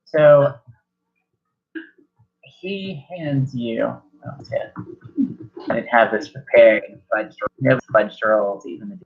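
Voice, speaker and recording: A man's voice: mid-range voice, slow, long pauses. A man running a horror tabletop game as game master, rambling, self-correcting, swearing casually. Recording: dull lo-fi recording.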